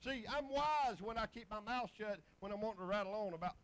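A man's voice: high voice, brisk, few pauses, fairly bright tone, rough recording. A middle-aged man, preaching a folksy, rambling testimony full of scripture. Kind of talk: sermon.

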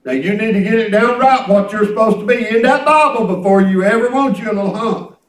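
A man's voice: high-pitched, a little fast. A middle-aged man preaching a folksy, emphatic sermon and repeating himself for effect. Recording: echoey room, from a distance.

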